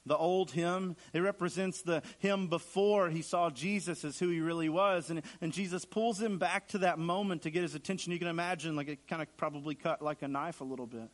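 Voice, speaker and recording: A man's voice: fairly high pitch, steady tone, brisk, hardly any pauses. A man preaching a sermon in an earnest way, repeating phrases for emphasis and acting out the lines he quotes. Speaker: pastor.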